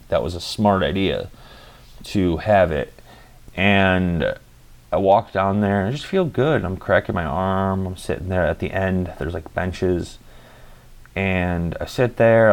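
A young man telling a story in a casual, rambling monologue, swearing often and filling gaps with "like" and "you know.". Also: low voice. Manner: rambling, profane, full of fillers.

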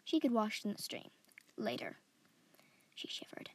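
A woman reading a story aloud in a steady, descriptive way as a podcast host. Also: medium pitch, a little slow, husky, in a whisper. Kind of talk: scripted story narration.

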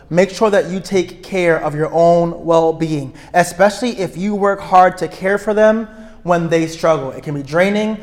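A man speaking to a room of couples at a retreat, energetic and outgoing, often checking in with his listeners. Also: fairly high pitch, moderate pace. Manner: energetic, self-described extrovert; checks in with listeners, asking "right?". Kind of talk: live talk to an audience.

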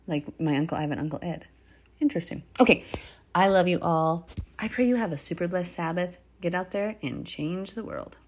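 A woman teaching a casual Bible study on a phone, chatty and quick to laugh, growing animated when she stresses a point. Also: fairly low pitch, husky.

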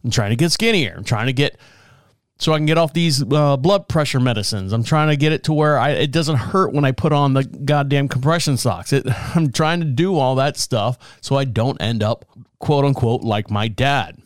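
A man's voice: medium pitch, normal speed, dry recording, studio quality. A middle-aged man hosting a podcast in a casual, rambling monologue, self-mocking, swearing and laughing often. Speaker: podcast host. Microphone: podcast mic, also filmed.

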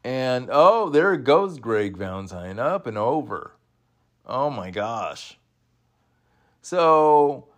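A man casually commenting along to an old wrestling event. He often bursts into excited exclamations and laughs, then slows down, halting with fillers. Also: mid-range voice, clean tone. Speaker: watch-along host.

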